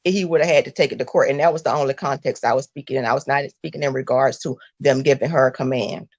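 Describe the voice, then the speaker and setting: A woman calling in as a guest on a livestream, calmly clarifying her point and holding to it. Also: rumbling low, fast. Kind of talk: debating on a livestream. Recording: muffled call-in audio.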